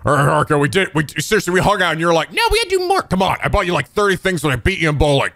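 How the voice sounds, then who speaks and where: Rapid-fire and creaky, this man's voice sits on the high side, with slight background noise. He is hosting a let's play, and his commentary is profane and excitable, with trash talk in mock anger.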